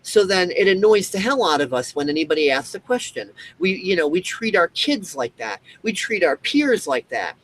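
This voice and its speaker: A man's voice: sits high, very animated, moderate pace, hardly any pauses, low-quality recording. A man hosting a show, ranting in a rambling monologue full of fillers and restarts. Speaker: show host.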